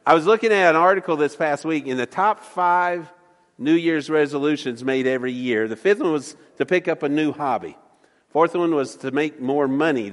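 A man's voice: a little high, big-room sound. A man preaching a sermon, folksy and joking, often stammering and repeating words as he talks. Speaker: pastor. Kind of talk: sermon with jokes. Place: church sanctuary.

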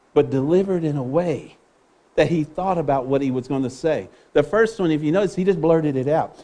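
Male preacher, high-pitched, earnest, restarts a lot. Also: dark tone. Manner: earnest, with repeated words and restarts. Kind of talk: sermon.

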